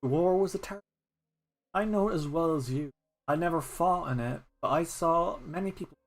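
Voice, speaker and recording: A man with an Irish accent voicing a gentle, steady old male mole who speaks quietly and calmly. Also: fairly high pitch, normal speed, pitched above the performer's own voice. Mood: earnest.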